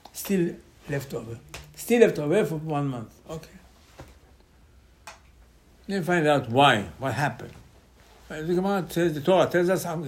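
Rabbi in choppy, repetitive English. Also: male voice, on the high side, darkish tone. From Israel. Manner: choppy non-native English with many repetitions. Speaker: rabbi teaching Torah. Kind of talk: informal Torah class.

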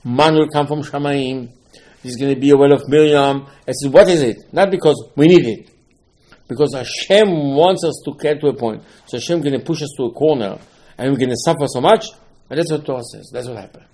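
A man giving a Torah sermon, telling stories and acting out the characters' dialogue. He swings between loud exclamations and hushed asides. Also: mid-range voice. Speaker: rabbi giving a Torah class. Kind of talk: animated Torah sermon with storytelling.

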